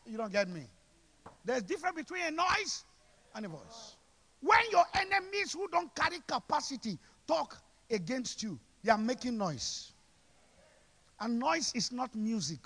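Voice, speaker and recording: A man preaching a sermon at a church service, shouting call-and-response lines and repeating phrases over and over. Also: extremely high pitch, creaky.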